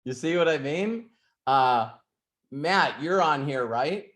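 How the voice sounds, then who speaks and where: A man hosts an ask-me-anything session in a relaxed, storytelling manner. He rambles, restarts his sentences and throws in asides as he goes. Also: on the high side, slow pace. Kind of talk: casual storytelling and advice.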